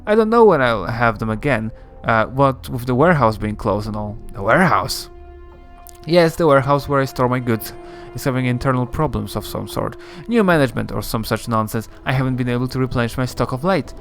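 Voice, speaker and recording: A man's voice: medium pitch, expressive, a little fast, soft background music, close to an everyday voice. A man voicing a fussy male coffin-making shopkeeper who talks in a polite, lecturing way.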